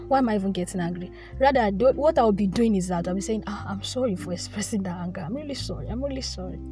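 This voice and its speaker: A young woman giving an earnest devotional talk, often repeating her phrases. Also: mid-range voice. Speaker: devotional speaker. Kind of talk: informal devotional teaching.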